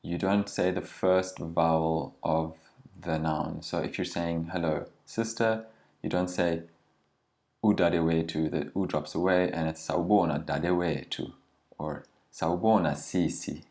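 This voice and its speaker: A man teaching a language lesson, patiently explaining grammar and slowing down to model each phrase. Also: sits low, steady tone, a little mellow. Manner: patient, slows down to model pronunciation.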